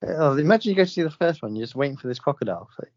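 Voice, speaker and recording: A man's voice: on the high side, lively intonation, racing, a little mellow, no echo, muffled recording. A man co-hosting a casual podcast chat, teasing and full of cheeky banter. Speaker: podcast co-host.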